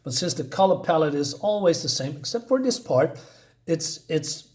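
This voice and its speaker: A man talks casually through a comic book review, pausing often on fillers and restarting his sentences. His voice sits a little high for a man. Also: lively intonation, a little mellow. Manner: hesitant, many fillers and restarts.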